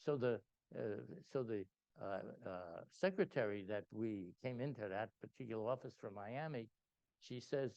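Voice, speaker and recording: An older man telling a lively anecdote at a gathering, acting out voices and laughing often. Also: normal speed, no echo. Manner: animated anecdote teller, acts out quotes, laughs often. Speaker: speaker at a spiritual gathering. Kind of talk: storytelling talk. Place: meeting hall. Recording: dull low-fidelity sound, dry.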